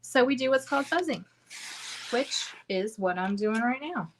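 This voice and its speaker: A woman's voice: fairly high pitch, expressive, normal speed, slight background noise. A woman hosting a casual crafting livestream from home, chatty and bubbly, talking straight to her viewers. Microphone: livestream camera setup.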